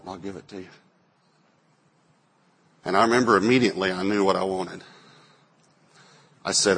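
A man in his forties, a pastor preaching a sermon, telling stories and acting out quotes with sudden loud bursts. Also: on the low side, husky. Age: 40s.

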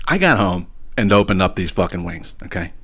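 A man hosting a podcast, telling a story as a casual comic rant, swearing often and keeping his listeners in with quick asides. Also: low-pitched. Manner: profane, animated, keeps asking "right?". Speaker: podcast host.

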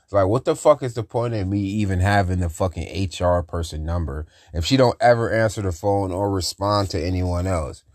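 A man's voice: deep voice, a little fast, hardly any pauses, a little mellow, no room sound. A young man hosting his own podcast, venting in a profane, repetitive rant. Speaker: podcast host. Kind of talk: angry solo rant.

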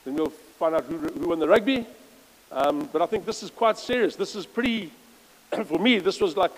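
A man's voice: on the high side, lively intonation, normal speed, long reverb tail, poor audio. A man giving an informal church sermon, reading scripture aloud with emphasis and chatty, self-correcting asides. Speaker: lay preacher.

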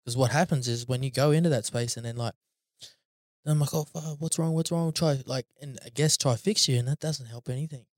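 A man's voice: medium pitch, fairly even intonation, fairly quick, clean studio sound. A man hosting a podcast in casual conversation, supportive, echoing his guest's words and swearing casually. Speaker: podcast host.

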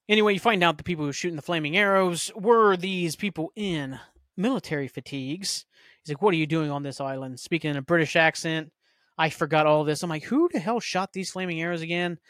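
A man's voice: on the high side, a bit bright, no echo, studio quality. A man hosting a podcast, chatting casually and rambling through a TV recap with lots of fillers and some swearing. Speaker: podcast host. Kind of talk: casual solo recap chat.

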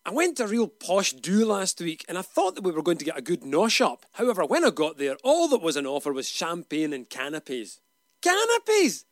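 A man's voice: high voice, very animated, a little fast, few pauses, no room sound, clean studio sound. A man with a Glaswegian Scottish accent, a church minister giving a jokey, down-to-earth short radio reflection. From Glasgow, Scotland.

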